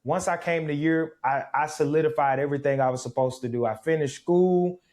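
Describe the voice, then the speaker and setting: A man's voice: on the high side, brisk. Reflective man telling a football story. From Mississippi, USA. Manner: reflective, animated storytelling with laughs. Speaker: guest, former pro football player. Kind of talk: storytelling in a casual interview.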